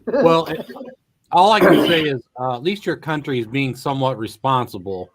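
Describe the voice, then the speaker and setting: A man's voice: medium pitch, expressive, normal speed. A man chatting as a regular guest on a casual livestream, laid-back with wry remarks.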